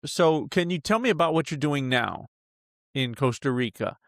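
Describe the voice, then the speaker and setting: A man's voice: fairly high pitch, lively intonation, moderate pace, dry recording, clean studio sound. A man hosting a podcast, asking a guest open questions and prompting her to tell her story. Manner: prompting, repeats phrases to draw out a story. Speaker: podcast host. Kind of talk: interview questions.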